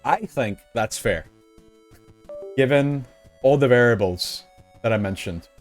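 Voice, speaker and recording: A young man streaming live, giving casual, rambling commentary full of restarts and fillers, sometimes laughing as he gets excited. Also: mid-range voice, slow, faint music behind. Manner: gets excited and laughs when recalling fun moments.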